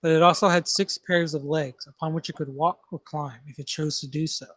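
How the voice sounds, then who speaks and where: A man's voice: a little high, steady tone, fairly quick, a crowd in the background. Man reading monster lore aloud. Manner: reads passages aloud, stumbles over place names with laughter. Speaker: podcast host.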